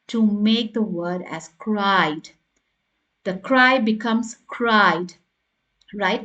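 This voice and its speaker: Slow, patient woman teaching grammar. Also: mid-range voice, fairly bright tone, lo-fi sound. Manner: slow, patient, spells out letters and checks in with "right?". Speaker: English teacher. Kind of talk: grammar lesson.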